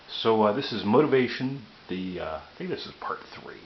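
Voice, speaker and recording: A man's voice: on the low side, lively intonation, normal speed. A man hosting a motivational talk, earnest and prone to restarting his phrases. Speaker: motivational video host. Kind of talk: whiteboard-style motivational talk. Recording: echoey room, dull lo-fi audio with faint hiss.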